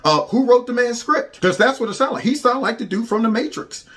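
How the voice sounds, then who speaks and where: A man's voice: very high-pitched, animated, brisk, a bit bright. A man hosting a commentary show, talking in a sarcastic, rambling way with many fillers.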